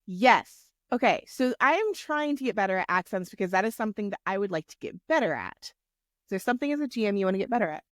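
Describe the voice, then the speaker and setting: A woman co-hosting a tabletop gaming podcast, telling stories in animated, chatty casual talk. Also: medium pitch, fast talker, no echo, clean studio sound. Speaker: podcast co-host and game master. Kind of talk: casual chat.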